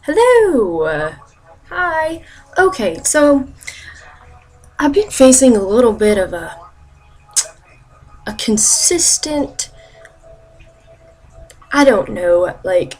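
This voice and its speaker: A young woman in her twenties telling sarcastic, animated stories to her camera in a casual vlog. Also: fairly high pitch. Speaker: vlogger.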